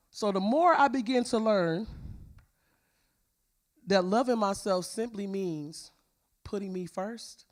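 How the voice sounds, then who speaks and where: A woman shares her personal testimony at a church women's conference. Her pitch swings widely as she speaks, and her delivery is emphatic and expressive. Her speech is casual and plainspoken, delivered to a crowd of women.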